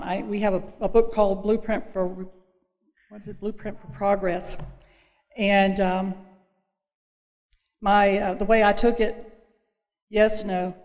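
A woman sharing her personal recovery story at a meeting, speaking earnestly and haltingly, with many fillers and restarts. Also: mid-range voice, darkish tone. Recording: long echo of a hall.

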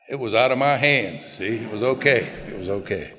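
A man's voice: normal speed, few pauses. Older man telling his story in a hall. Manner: plainspoken, folksy storytelling, drops into quiet low asides. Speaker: recovery speaker. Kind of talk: personal recovery story told to a group. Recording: long hall reverb.

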